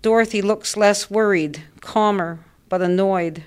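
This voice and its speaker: A woman reading her own first-person story aloud with a measured, understated delivery. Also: fairly low pitch, steady tone, clean tone.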